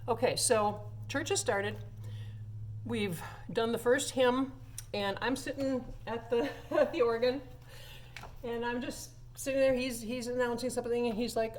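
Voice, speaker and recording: Speaking a little slowly with fairly even intonation, a woman who plays church organ shares a funny story with viewers, laughing and using plenty of fillers. Her voice is on the high side, and there's slight background noise.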